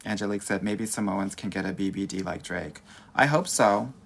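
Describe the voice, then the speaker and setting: A fairly low, creaky male voice with a bright tone moves at a moderate pace over a slight hiss or hum. This Valley-accented Southern Californian dating coach hosts a casual livestream Q&A, sassy and campy, calling everyone "girl."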